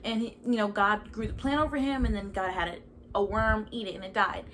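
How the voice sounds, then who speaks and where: A young woman at home telling a personal faith story in a chatty, animated way, full of "like" and asides. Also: medium pitch, brisk, a little hiss or hum. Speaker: podcast host. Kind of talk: casual personal testimony. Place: at home in a chair indoors.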